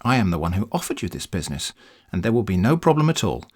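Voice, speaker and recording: A man's voice: fairly low pitch, very animated, fast talker. A man voicing a pushy, testy elderly male bank officer who is running a scam, reading the scam emails aloud. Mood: insistent. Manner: insistent, testy, keeps calling you brother.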